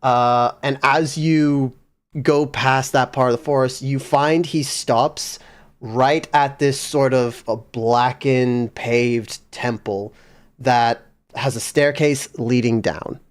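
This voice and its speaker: A man narrating as game master in a tabletop game, unhurried, with frequent fillers. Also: medium pitch, fairly even intonation, clean tone.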